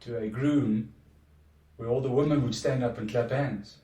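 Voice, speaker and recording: An earnest podcast guest chats casually, reflective and often restarting his sentences. His medium-pitched voice is warm, fairly even and at normal speed, heard from a distance in an echoey room.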